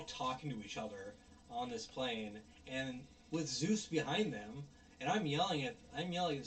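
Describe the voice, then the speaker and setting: A man with a gravelly, fry-edged voice tells a movie plot in a loose, rambling way, full of ums and uhs. He sometimes puts on voices and yells at the characters. A faint hiss of noise sits under the recording. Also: on the high side, big pitch swings, normal speed. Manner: rambling, frequent fillers, mock-shouting at characters. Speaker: movie reviewer. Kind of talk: casual movie recap.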